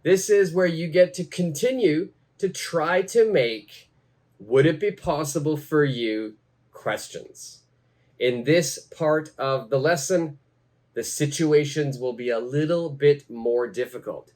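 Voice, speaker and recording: A man leads an English lesson in an unhurried, careful way, saying each example twice so learners can follow. His voice sits a little higher than most men's, and he takes his time. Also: a little mellow. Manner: repeats phrases slowly for learners. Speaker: English teacher. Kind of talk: slow, deliberate teaching.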